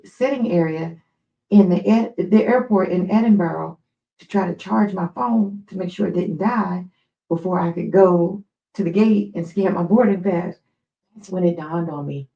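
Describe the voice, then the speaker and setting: American woman, stream host, chatty anecdotal storyteller, gravelly, muffled lo-fi audio. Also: lowish voice, normal speed. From United States. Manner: chatty, digressive, animated storyteller. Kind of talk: casual storytelling on a live stream.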